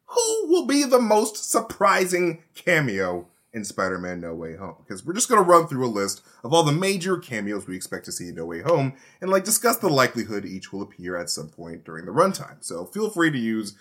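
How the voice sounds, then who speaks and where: A man hosting a casual panel podcast, energetic and playful, pushing his voice up for emphasis. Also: mid-range voice, brisk, hardly any pauses. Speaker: show host.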